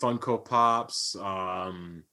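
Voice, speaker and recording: A podcast co-host with a low-pitched voice draws out his words as he rants about collecting in casual banter. He's animated throughout, playing up a mock outrage.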